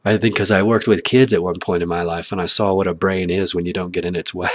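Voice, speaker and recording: Man, low and husky, self-mocking ranter swearing to camera, dry close recording. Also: level tone, fast talker, hardly any pauses, no echo. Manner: swearing, laughing, swinging between loud and muttered. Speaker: vlogger. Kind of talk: rambling personal monologue.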